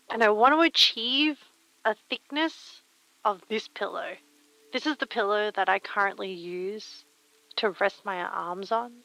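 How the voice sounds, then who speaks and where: While fixing a pillow on a casual home livestream, the host chats and muses aloud, playful and rambling. She has a mid-range, slightly bright voice. The audio is poor but has no echo.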